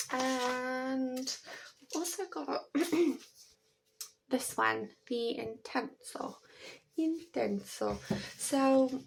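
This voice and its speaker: A woman's voice: high-pitched, vocal fry, a little hiss or hum. A British woman chatting to camera at home in a rambling, chatty way, laughing often. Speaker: vlogger. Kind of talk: casual chat to camera.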